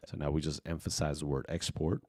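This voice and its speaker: A man giving a casual software tutorial, thinking aloud and filling pauses with ums and you knows. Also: rumbling low, no room sound, clean studio sound. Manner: relaxed, thinking aloud with many fillers. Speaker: video editing tutor. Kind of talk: casual screen-recorded tutorial.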